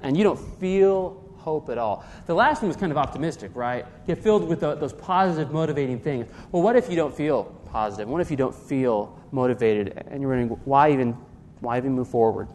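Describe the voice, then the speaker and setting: Earnest pastor in a reverberant church. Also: male voice, a little high, expressive, brisk, hardly any pauses, a little mellow, a little hiss or hum. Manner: earnest, with frequent restarts and rhetorical questions. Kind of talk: sermon.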